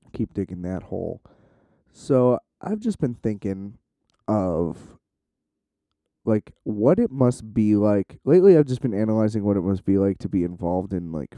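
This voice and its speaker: A young male vlogger talks casually to the camera, rambling loosely into a close, dry mic with no room sound. His very dark, mellow voice sits a little low and sounds smooth, and he swears freely, says "like" a lot and keeps restarting his sentences.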